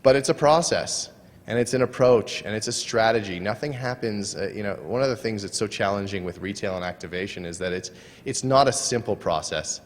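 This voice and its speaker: Low-voiced man presenting in a hall. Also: brisk. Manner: earnest, sometimes trailing off and restarting. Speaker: conference speaker. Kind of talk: conference presentation. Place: conference hall. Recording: long hall reverb.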